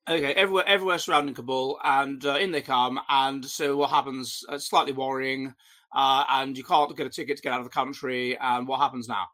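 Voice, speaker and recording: A man's voice: mid-range voice, fairly even intonation, brisk, sharp tone. A man hosting an interview, prompting his guest with hesitant questions full of fillers. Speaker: host.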